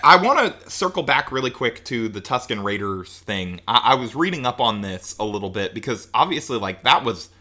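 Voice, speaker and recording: Bright-voiced young man chatting. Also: medium pitch, a little fast, few pauses. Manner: animated, many "like" fillers, acts out quotes. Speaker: podcast co-host. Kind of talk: casual chat.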